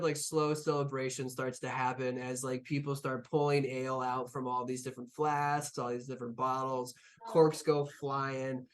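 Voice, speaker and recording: Rambling game master, casual and profane. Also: male voice, medium pitch. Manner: casual and rambling, heavy on fillers, swears. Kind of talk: narrating a tabletop game.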